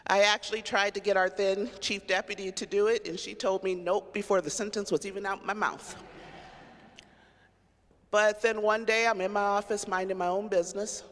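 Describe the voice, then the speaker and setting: A woman's voice: medium pitch, fairly even intonation, normal speed, a bit bright. A middle-aged woman, a county sheriff, giving a candid personal storytelling speech and acting out the voices she quotes. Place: large cathedral. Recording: long hall reverb.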